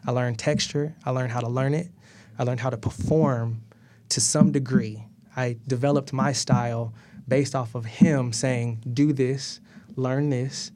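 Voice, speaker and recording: An animated man in his thirties tells a long backstage story. He laughs often, swears freely and acts out the voices of the people in it. His voice sits at an ordinary middle pitch. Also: measured pace. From Atlanta, US. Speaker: guest. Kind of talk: casual storytelling.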